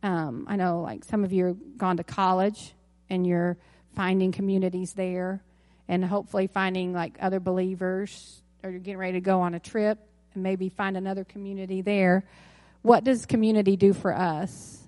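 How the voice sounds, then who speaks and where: A woman's voice: mid-range voice, little pitch movement, moderate pace, a little mellow, dry recording. Conversational woman pastor preaching a sermon. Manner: conversational, self-correcting with asides. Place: church sanctuary.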